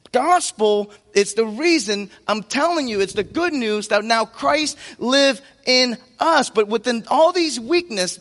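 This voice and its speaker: A man with a very high voice preaches an impassioned sermon, leaning into key phrases by slowing right down. His voice rings out with long reverb, as in a large church hall. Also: a bit bright. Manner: impassioned preaching with emphatic slow-downs.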